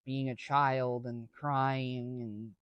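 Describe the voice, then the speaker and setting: A man's voice: medium pitch, level tone, drawn-out words, clean tone, no room sound, dull audio. A man casually telling a story to camera, rambling with slang and many restarts. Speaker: vlogger.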